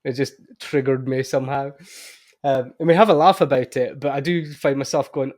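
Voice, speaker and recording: A man's voice: medium pitch, moderate pace. A man hosting a podcast, talking candidly and reflectively in casual conversation. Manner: candid, reflective, animated when telling stories. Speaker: podcast host.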